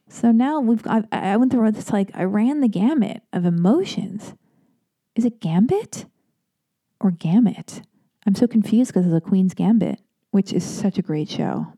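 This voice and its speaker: Rambling, candid woman with a mellow voice. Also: medium pitch, expressive, unhurried. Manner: candid, self-deprecating, digressive, swears freely. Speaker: podcast host answering listener letters. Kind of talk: casual advice chat with rambling anecdotes.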